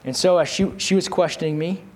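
A man preaching a sermon, telling a personal story and calling on the congregation to respond, his delivery swinging from soft and low to raised and emphatic. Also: a little fast.

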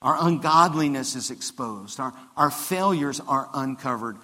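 A man, the pastor, preaching a conversational sermon that builds to emphatic high points, with frequent restarts. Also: expressive, measured pace, sharp tone. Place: church sanctuary. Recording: long hall reverb of a church.

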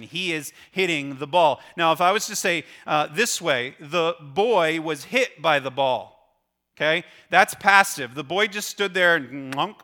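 A man's voice: on the high side, sharp tone. A middle-aged male pastor preaching a sermon, earnestly explaining a passage and often repeating his words as he goes.

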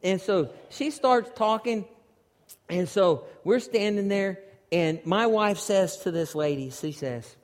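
Man, preacher, animated sermon storytelling, high voice, long hall echo. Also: takes it slowly. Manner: animated storytelling, rising to near shouts. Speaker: pastor.

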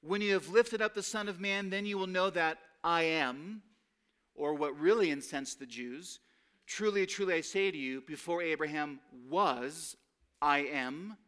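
A man preaching a sermon with earnest emphasis, lifting his voice on key phrases and dropping lower and slower to quote scripture. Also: a bit bright, clean tone. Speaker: pastor.

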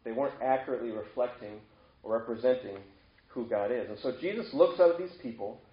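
A man's voice: medium pitch, brisk. A man preaching a sermon in a conversational way, asking his listeners a string of questions. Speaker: pastor. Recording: echoey room, dull lo-fi sound.

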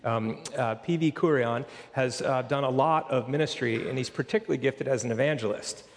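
Man, American, host pastor, relaxed and halting, introduction and prayer, reverberant sanctuary. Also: medium pitch. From United States. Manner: relaxed, hesitant, with many fillers. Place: church sanctuary. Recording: reverberant church hall.

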